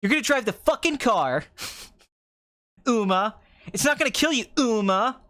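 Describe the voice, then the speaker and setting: A man doing a comedic impression of a cocky film director, ranting fast and swearing, swinging from quiet musing to loud excitement. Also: very high voice, no room sound, voice pushed up, heavily acted. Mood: bossy.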